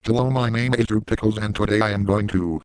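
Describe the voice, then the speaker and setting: A man voicing a crude, boastful middle-aged cartoon dad in a parody comedy video, speaking in a deadpan way. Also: lowish voice, quick pace, clear, resonant tone, no echo, natural voice, low-quality recording. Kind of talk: parody voice acting.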